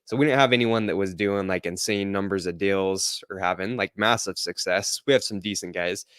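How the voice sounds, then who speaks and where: A man from Utah, answering interview questions in a relaxed, easygoing way and laughing often. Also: sits low, moderate pace, clean tone, dry recording, studio quality. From Utah, United States. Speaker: podcast host as interview guest. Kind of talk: live-streamed interview.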